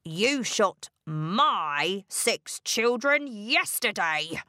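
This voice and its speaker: A woman voicing a big, stern duck in a storybook, reading slightly lower in a slow, measured way. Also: very animated, sharp tone, no room sound, clean studio sound, heavily acted. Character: big vengeful duck, grieving parent, stern.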